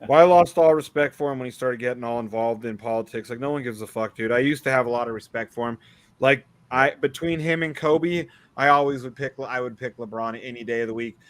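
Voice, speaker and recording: A man's voice: medium pitch, a little fast, no room sound. Profane, sarcastic man on a dry close mic. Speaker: podcast co-host. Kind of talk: casual banter.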